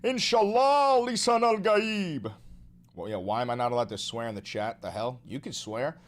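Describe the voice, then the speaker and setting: A man's voice: on the low side, quick pace. Profane, ranting male livestreamer. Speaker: livestream host. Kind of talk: casual livestream commentary.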